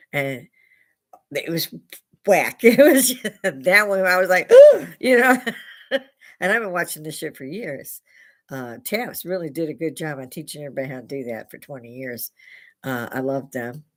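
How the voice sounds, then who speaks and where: An older woman hosting a casual livestream from a bar, slightly tipsy, rambling through stories with frequent laughs and swearing. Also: low-pitched. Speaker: livestream host.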